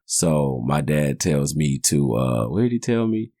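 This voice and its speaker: With a very deep, mellow voice, big pitch swings and a measured pace, a podcast host in his forties spins rambling, profane, jokey stories. The studio recording is clean and dry.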